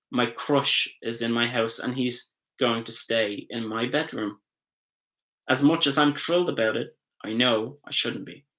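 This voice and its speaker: A man's voice: mid-range voice, pushed and bright, low-quality recording. A man who is the author reads his novel aloud live, in a casual way, stumbling and correcting himself now and then. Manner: casual reading with slips and self-corrections. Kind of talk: live book reading.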